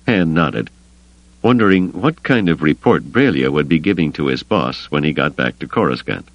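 A man reads a novel aloud in scripted audiobook narration. His voice is very deep yet rises and falls expressively, recorded close and dry with no room sound. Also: moderate pace, vocal fry, dry recording, lo-fi sound. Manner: expressive storytelling.

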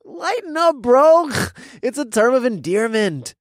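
Nasal, brash young frat boy, crude and teasing, pitched high and dry, as a male narrator puts him on. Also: sing-song, takes it slowly, no room sound, exaggerated voice. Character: loud obnoxious young frat-boy college guy.

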